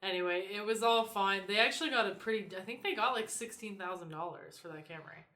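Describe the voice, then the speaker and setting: A woman's voice: medium pitch, fast talker. A young woman, co-hosting a podcast and animatedly telling a story, swearing freely. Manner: animated, swears freely, acts out quoted voices. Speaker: podcast co-host. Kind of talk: casual storytelling chat. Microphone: podcast microphone.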